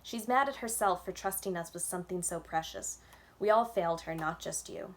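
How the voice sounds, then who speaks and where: A woman reading as a gruff, bossy old witch. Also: on the low side, a little fast. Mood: reassuring. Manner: gruff and commanding, barks orders. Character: tough older woman witch, brisk and bossy. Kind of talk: reading a children's novel aloud.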